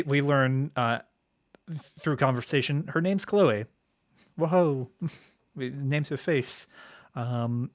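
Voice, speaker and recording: Young man recapping with halting fillers. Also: mid-range voice. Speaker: podcast co-host. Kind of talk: casual chat.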